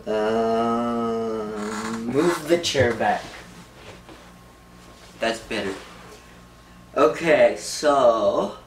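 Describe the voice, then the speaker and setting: A man's voice: medium pitch, fairly even intonation, drawn-out words, long pauses. A young man rambling in a casual vlog, giggling a lot. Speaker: vlogger. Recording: roomy, from far off, faint noise.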